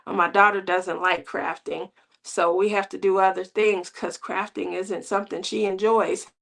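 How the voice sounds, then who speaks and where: A woman's voice: medium pitch, flat delivery, moderate pace, gravelly, fairly bright tone. A middle-aged woman hosting a crafting channel, chatting casually with viewers in a rambling way and laughing often.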